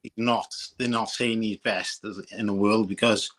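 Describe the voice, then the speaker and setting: Hesitant man, low flat voice. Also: normal speed. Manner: hesitant, many ums and restarts. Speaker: panel guest. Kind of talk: casual chat.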